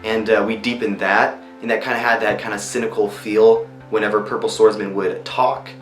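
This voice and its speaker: A young man talks easily about voicing characters, filling his pauses with ums and you-knows. His voice sits somewhat low. It rings with a roomy echo, and soft music plays underneath. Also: little pitch movement. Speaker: voice actor. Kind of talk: behind-the-scenes interview. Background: faint music.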